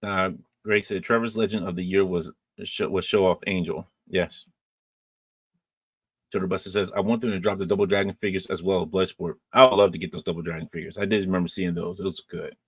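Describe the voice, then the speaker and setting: A man hosting a podcast, casually reading and answering live chat comments in a relaxed, rambling way with many fillers and restarts. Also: deep voice, brisk, breathy edge, no echo.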